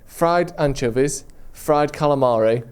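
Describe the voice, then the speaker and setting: Smooth, fairly high in pitch yet darkish in tone, this Englishman speaks a little slowly. As co-host of a comedy podcast, he chats casually, telling rambling and eager travel stories.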